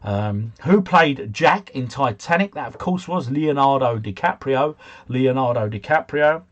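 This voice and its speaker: A man's voice: mid-range voice, lively intonation, a little slow, dull audio. Chatty man hosting a livestream quiz. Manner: chatty, chuckling, answers chat comments. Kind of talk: casual livestream chat.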